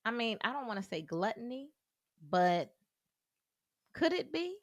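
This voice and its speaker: A woman's voice: fairly high pitch, sing-song, measured pace, no room sound, clean studio sound. Reflective woman on a podcast. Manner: reflective, raises questions, laughs often. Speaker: podcast co-host. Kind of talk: casual chat.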